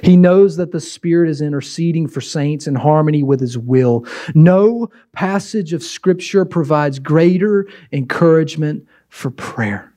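A man with a high, light voice preaching a sermon to his congregation. He urges his listeners with repeated, emphatic phrases, slowing down to stress key words and then rushing ahead. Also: dark tone. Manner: emphatic, repetitive exhortation. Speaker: pastor.

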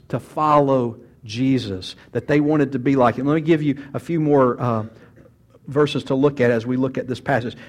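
A man preaching a sermon, a folksy storyteller who often restarts his sentences. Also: mid-range voice. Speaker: pastor.

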